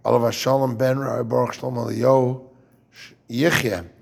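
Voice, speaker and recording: A man's voice: medium pitch, level tone, fairly quick, gravelly, breathy edge. A man giving an informal Torah talk as a rabbi, jokey and digressive, and turning to ask his listeners questions.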